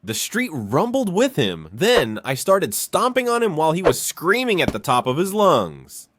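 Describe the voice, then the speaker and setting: A man's voice: a little high, moderate pace, few pauses, noisy background. A young man narrating a childhood story in a casual, conversational storytime style. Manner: animated, conversational.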